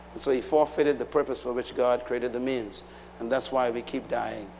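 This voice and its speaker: A man's voice: a little high, slight background noise. A man preaching a sermon, emphatic, putting questions to the congregation. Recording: long hall reverb.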